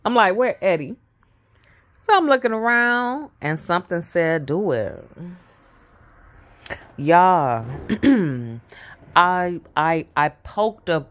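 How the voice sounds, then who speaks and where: Slow, low-voiced woman telling a story. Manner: halting, repeats herself, drops to mutters. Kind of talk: casual personal storytelling.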